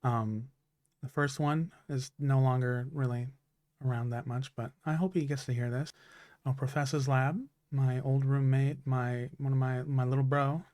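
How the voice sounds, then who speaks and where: During a live stream, a man delivers a heartfelt, emotional thank-you speech, halting and full of fillers and restarts as his throat grows a little raspy. His voice is medium in pitch, steady and slightly mellow. There is no echo.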